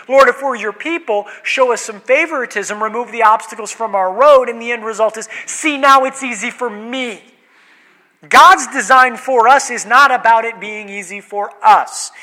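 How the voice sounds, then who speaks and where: A pastor preaches conversationally, asking rhetorical questions and voicing quoted speech. His voice sits high with a sharp tone, and a long hall reverb surrounds it.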